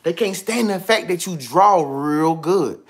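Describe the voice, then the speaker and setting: A man giving casual motivational talk on a livestream, slangy and animated, repeating himself often. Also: a little high, a little slow. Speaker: vlogger. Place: indoors with TV and iPad.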